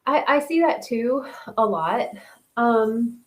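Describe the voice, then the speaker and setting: A woman's voice: fairly high pitch, animated, takes it slowly. A woman hosting a mindfulness talk, chatting casually, thinking aloud and reading out viewer comments. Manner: chatty, thinks aloud with many restarts and "right?". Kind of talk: casual live-stream chat. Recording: roomy echo.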